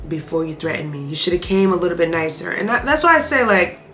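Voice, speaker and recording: A woman's voice: fairly low pitch, big pitch swings, fast, fairly bright tone, soft background music. A young woman in her twenties telling a personal story on her vlog, candid and emphatic, talking straight to her viewers. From Haitian family. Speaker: vlogger.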